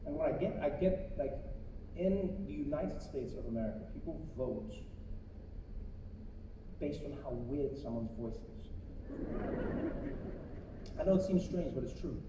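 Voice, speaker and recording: A man performing a stand-up comedy set to a live crowd, animated and slipping into quick voice impressions. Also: fairly high pitch. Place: large live comedy venue. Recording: echoey arena, far from mic, audience noise.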